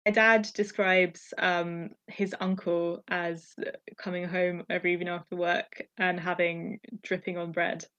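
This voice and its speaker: A woman's voice: fairly low pitch, flat delivery, measured pace, a bit bright, clean tone, muffled recording. A woman co-hosting a casual chat, responding, agreeing and adding light asides.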